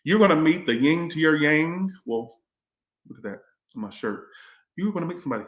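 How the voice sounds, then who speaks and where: A man's voice: on the high side, animated, a little fast. Chatty, rambling man in an echoey room. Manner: rambling, chatty, swears freely. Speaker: tarot reader and livestream host. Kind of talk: casual livestream tarot reading.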